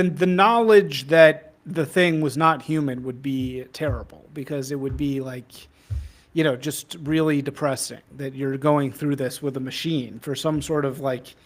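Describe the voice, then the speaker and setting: A man hosts a podcast in a relaxed, conversational way. His voice sits a little high, and he hedges his points and lets his sentences trail off as he thinks. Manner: thoughtful, hedging, trails off mid-sentence. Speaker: podcast host. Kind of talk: casual conversational chat.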